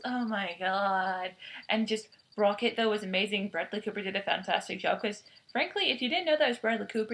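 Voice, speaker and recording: A woman's voice: medium pitch, a little fast, gravelly, fairly bright tone. Chatty, rambling woman reviewing a film. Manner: rambling and enthusiastic, many restarts. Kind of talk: casual spoken film review.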